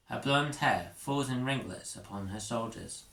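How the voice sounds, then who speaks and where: A man reading an interactive story aloud, expressive and doing character voices. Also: mid-range voice, unhurried, gravelly. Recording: echoey room with faint noise.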